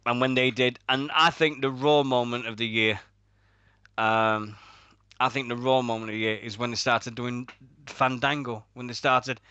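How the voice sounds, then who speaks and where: British guy chatting on a radio show, bright punchy voice, swears a lot, dry close mic. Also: mid-range voice, clean tone, dry recording, highs cut off. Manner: swearing, rambling, laughs at own stories. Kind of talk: casual podcast banter.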